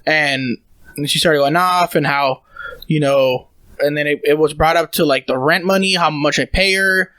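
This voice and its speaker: A man's voice: fairly high pitch, moderate pace, bright, forceful tone, smooth, no echo. A young man telling a long, rambling family story in casual podcast chat, swearing often. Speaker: podcast co-host.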